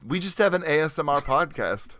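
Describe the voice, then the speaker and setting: A young man hosting a podcast, bantering loudly with crude jokes. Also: fairly high pitch, expressive, a little fast. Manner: loud, joking, crude banter. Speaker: podcast host. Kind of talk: casual podcast chat.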